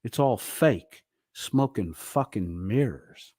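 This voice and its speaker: Man, low pitch, dry close sound, furious profane rant. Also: animated, slow, mellow, breathy edge, no echo. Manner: angry, profane, berating. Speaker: streamer. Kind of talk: ranting monologue.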